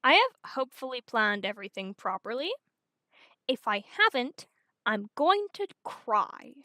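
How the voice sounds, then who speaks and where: A woman's voice: on the high side, very animated, measured pace, pushed and bright, no room sound, studio quality. A young woman streaming, chatting casually with her viewers while fumbling through her setup in a self-mocking, scatterbrained way. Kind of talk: casual live-stream chat.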